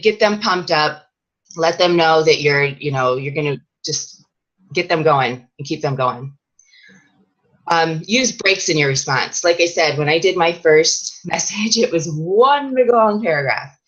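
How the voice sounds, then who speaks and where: Female fitness coach, deep-ish voice, casual training talk full of "um" and "you know", slightly lo-fi. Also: a little slow, a bit bright. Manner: chatty, with many fillers and restarts.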